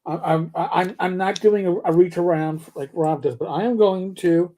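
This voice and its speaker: A man's voice: high-pitched, moderate pace. Older male host, casual stream chat, rambling, profane, jokey. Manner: profane, rambling, animated joker.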